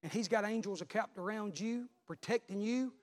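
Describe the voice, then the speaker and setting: A man, a pastor preaching a sermon, telling a story and then building to loud repeated calls. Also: high-pitched, moderate pace.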